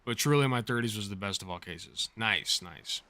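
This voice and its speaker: A man's voice: fairly low pitch, normal speed, no room sound. A man streaming, chatting casually and jokingly as he plays and reacts. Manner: casual, jokey, animated.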